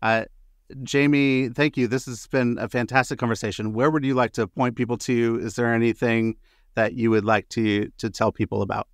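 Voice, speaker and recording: A man's voice: mid-range voice, steady tone, normal speed, no echo, clean studio sound. A man hosting a podcast interview, asking questions in a hesitant way with many fillers. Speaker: podcast host.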